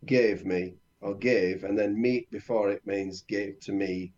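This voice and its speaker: A man's voice: lowish voice, steady tone, a little slow, a little mellow, highs cut off. A man learning the language, reading lines aloud and working through translations in a casual lesson, with light jokes. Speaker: Italian learner, co-host.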